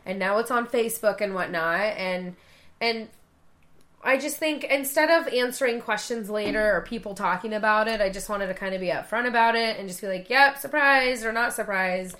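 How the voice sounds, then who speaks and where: A woman in her thirties chats on a podcast in a bright, ringing voice. She swears freely and acts out the people in her stories with sudden jumps in pitch. Her delivery is loose and conversational. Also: moderate pace. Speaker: podcast co-host. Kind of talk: casual chat.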